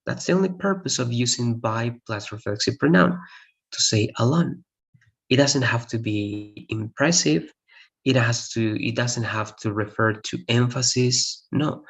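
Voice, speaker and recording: Gravelly male English teacher with Spanish accent. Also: medium pitch, unhurried, poor audio. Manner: repeats "right?" to check understanding, lively emphasis. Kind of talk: grammar lesson explanation.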